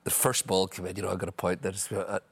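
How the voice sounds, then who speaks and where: A middle-aged man, a former footballer telling lively anecdotes as a guest, full of "you know". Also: low-pitched, fast, breathy edge. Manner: chatty, leans on "you know", acts out scenes. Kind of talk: animated anecdotal storytelling.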